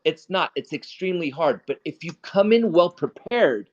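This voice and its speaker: A man's voice: a little high, expressive, normal speed, hardly any pauses. A man hosting a casual live trading talk, blunt and profane, who often repeats and restarts his words. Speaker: stock trading host. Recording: dull lo-fi audio.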